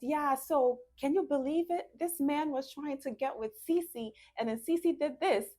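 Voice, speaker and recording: A giggly young woman who teases and mocks her partner, pitched well up and bright, as a woman acts her out in a short skit. She sounds playful and a little catty. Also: a little slow. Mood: gossipy teasing. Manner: giggly, mocking.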